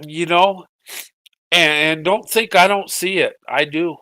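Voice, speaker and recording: Middle-aged male vlogger, high-pitched, tearful and faltering, dry recording. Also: fairly even intonation, bright, forceful tone, no room sound. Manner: halting, repeats words, voice breaking with emotion. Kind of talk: emotional personal monologue.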